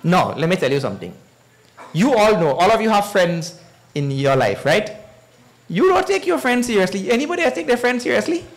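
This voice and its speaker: A man's voice: sits high, brisk. A man giving a scripture discourse as a swami, telling stories with chuckles and asking his audience questions. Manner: animated storytelling, chuckles, asks the audience "eh?". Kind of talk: sermon.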